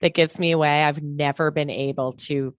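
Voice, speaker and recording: A woman's voice: deep voice, fairly even intonation, moderate pace, dry recording. A woman from Atlanta with a Southern accent, chatting upbeat as a podcast guest. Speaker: podcast guest, professional organizer. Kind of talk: casual podcast chat.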